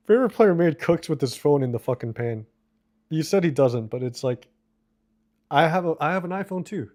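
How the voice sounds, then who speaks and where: A man with a mid-range, somewhat dark voice is live streaming, reading viewer comments aloud and responding. He's casual and profane, rambling along with quick asides.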